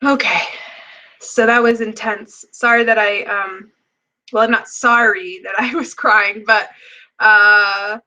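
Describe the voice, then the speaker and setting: A woman's voice: mid-range voice, steady tone, sharp tone, highs cut off. A young adult woman hosting a spiritual healing show, talking in an earnest, emotional way with many fillers and guiding listeners through a meditation. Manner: slow, deliberate chanting of number codes. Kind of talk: guided meditation and casual talk.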